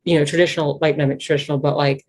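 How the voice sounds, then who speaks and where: A woman's voice: low-pitched, level tone, very fast, breathy edge. A woman with a Virginia foothill Appalachian accent, chatting as an interview guest and rambling through many fillers and restarts. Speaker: guest musician. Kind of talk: casual interview chat.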